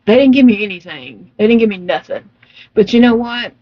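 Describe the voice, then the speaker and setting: A woman's voice: a little high, lively intonation, brisk, lo-fi sound. A woman chatting casually while crocheting, telling her story emphatically and laughing often. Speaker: vlogger.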